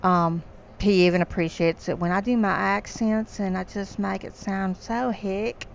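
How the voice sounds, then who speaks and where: A woman's voice: medium pitch, steady tone, measured pace, creaky. Chatty woman, lo-fi mic. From North Carolina, USA. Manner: chatty, rambling, laughs often. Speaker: podcast co-host and voice narrator. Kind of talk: casual chat on a live stream. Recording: dull lo-fi sound with faint noise.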